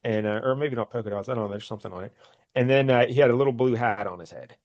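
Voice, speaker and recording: A man's voice: medium pitch, very fast, a little mellow, no room sound, dull audio. A man co-hosting a comic book podcast, casually retelling the story with frequent laughs and brief acted lines. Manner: rambling, laughs often, acts out characters' lines. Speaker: podcast co-host.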